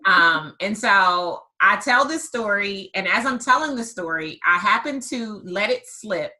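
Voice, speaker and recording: A woman hosting a podcast and telling a story in a lively conversational way, stressing her points by repeating words. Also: mid-range voice, measured pace, rough recording. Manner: emphatic, repeats words for effect. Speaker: podcast host and business coach.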